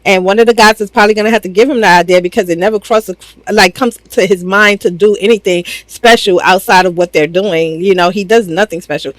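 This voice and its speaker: A woman's voice: medium pitch, fairly even intonation, a little fast, no echo, low-quality recording. A woman hosting a reality TV reaction video, giving blunt, sassy, slang-filled opinions in casual commentary.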